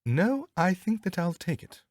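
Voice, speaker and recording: A man reading an audiobook, voicing a sharp, cool-headed detective with a crisp, precise and wry manner. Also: high-pitched, very animated, a little slow, voice pushed up. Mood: curious. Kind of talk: audiobook character voice.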